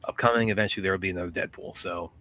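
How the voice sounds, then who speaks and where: A man trades dry, teasing remarks in a casual live-stream chat. His voice is very low and bright-edged, and he talks quickly. His delivery stays flat, with little rise and fall.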